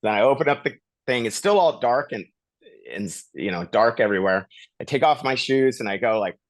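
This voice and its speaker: A man with a middling voice tells a story in an easygoing podcast chat, animated and quick to laugh. His voice sits close to the mic in a dry, dead room. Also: medium pitch, dry recording. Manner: animated retelling with laughs and acted-out quotes. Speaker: podcast host. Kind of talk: casual storytelling. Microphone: studio podcast mic.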